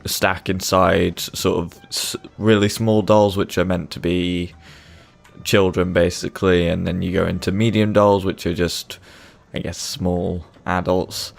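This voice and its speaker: A man's voice: low-pitched, little pitch movement, unhurried, creaky, soft background music. A man giving casual, joking, rambling commentary while playing a video game. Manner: joking, rambling, self-deprecating. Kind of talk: casual let's-play commentary.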